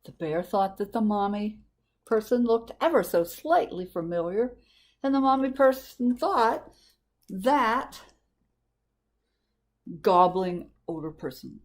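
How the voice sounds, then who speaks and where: A woman librarian reading a picture book aloud to children, gently asking them questions. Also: on the high side. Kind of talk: storytime read-aloud to children.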